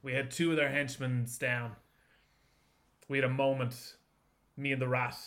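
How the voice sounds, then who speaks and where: Bright-voiced man playing a tabletop game. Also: medium pitch, level tone, moderate pace. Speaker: player. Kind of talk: casual role-play.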